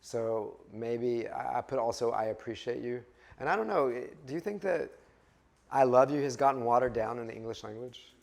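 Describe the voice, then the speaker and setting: A man's voice: medium pitch, normal speed, vocal fry. A man leading a Bible study class, speaking conversationally, putting questions to the group and often restarting his phrases. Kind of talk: interactive class teaching.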